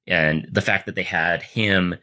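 An excitable man co-hosting a casual podcast, rambling eagerly through a film scene and stopping and restarting mid-sentence. His voice sits a little low, but the tone is bright and forceful. He keeps slipping into quoted voices as he retells the film. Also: a little slow. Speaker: podcast co-host. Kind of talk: casual chat.

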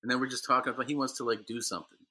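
Bright-voiced man telling profane stories. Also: medium pitch, steady tone, very fast, husky. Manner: profane, swings into mock voices for others in his stories. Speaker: comedian guest. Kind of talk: casual podcast chat, storytelling.

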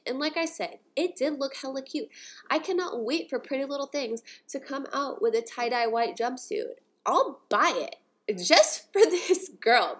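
A woman's voice: high-pitched, slightly rough. A young woman from the United States hosting a podcast, talking in a chatty, sarcastic way about news articles. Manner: chatty and sarcastic, with animated asides. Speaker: podcast host. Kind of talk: casual commentary on articles.

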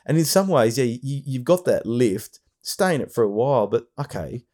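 A man's voice: medium pitch, animated, normal speed, darkish tone. A man hosting a podcast, chatting enthusiastically and rambling with frequent restarts. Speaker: podcast host. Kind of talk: casual chat.

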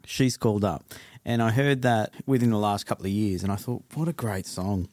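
A man with a low, deep voice, chatting as a podcast guest. He talks in a relaxed, thoughtful way. The sound is dry and close. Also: moderate pace, dry recording. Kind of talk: casual chat.

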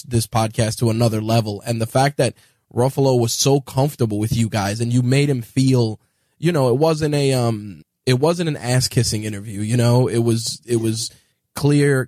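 An enthusiastic male podcast host at an even middle pitch, chiming in with quick praise and reactions. The voice is recorded close and dry. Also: no echo. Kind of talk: casual chat.

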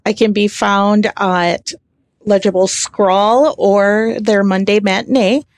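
Female writer as a podcast guest, measured and wry, dry mic. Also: mid-range voice, fairly even intonation, no room sound. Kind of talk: casual chat.

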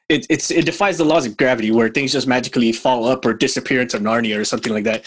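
A man hosting a casual podcast chat, telling work stories in an animated way and laughing often. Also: medium pitch, fast talker, few pauses. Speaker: podcast host.

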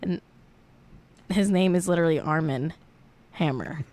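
A woman's voice: deep voice, unhurried, a little mellow. A young woman hosting a podcast in casual chat, a little tipsy, rambling and giggly with lots of fillers. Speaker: podcast host.

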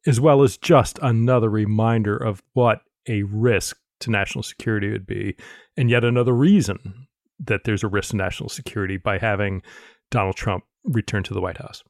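A man co-hosting a political podcast, speaking in a measured way with dry sarcasm. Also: lowish voice, steady tone, creaky, no room sound. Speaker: podcast co-host. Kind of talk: casual political podcast chat.

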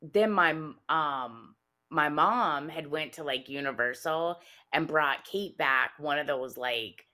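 A woman's voice: low-pitched, slow. A woman co-hosting a podcast, telling stories in casual chat and laughing through them. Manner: animated storyteller, laughs often mid-sentence. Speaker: podcast co-host.

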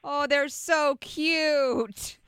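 A woman's voice: high-pitched, steady tone, extremely slow, a bit bright, no room sound, clean studio sound. A woman co-hosting a morning radio show, gushing and enthusiastic.

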